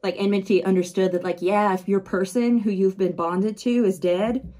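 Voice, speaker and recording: A woman chatting casually while she does her makeup, retelling a story in a lively way with quick asides. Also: medium pitch. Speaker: vlogger. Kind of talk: casual book chat while doing makeup.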